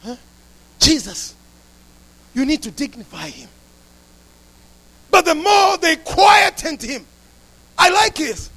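An impassioned male preacher whose voice is strikingly high for a man. He sounds bright and forceful, with a gravelly fry, and he swings between hushed storytelling and full shouts. The delivery is a dramatic sermon. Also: very animated, takes it slowly, long pauses.

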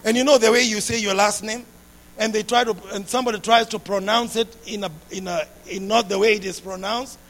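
A man preaching a sermon with passion, repeating phrases and building up to shouts. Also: high-pitched, fairly even intonation, fairly quick.

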